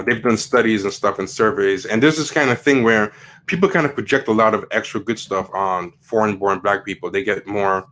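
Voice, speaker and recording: A man's voice: lowish voice, fairly bright tone. A man hosting a casual commentary livestream, rambling with many fillers and restarts as he reads quotes aloud from the web. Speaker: livestream host.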